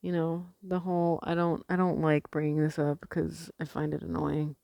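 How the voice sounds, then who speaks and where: A woman's voice: low-pitched, level tone, normal speed, creaky, dark tone, no echo, studio quality. A young American woman talking casually in a rambling vlog, with many fillers and casual swearing. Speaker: vlogger.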